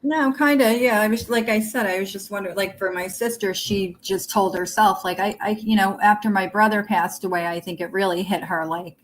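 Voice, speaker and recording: A woman's voice: mid-range voice, steady tone, fairly quick, few pauses, a little hiss or hum, low-quality recording. A woman co-hosting a casual livestream chat, telling personal stories with hesitant restarts. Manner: chatty storyteller, hesitant restarts. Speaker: co-host of a livestream chat show.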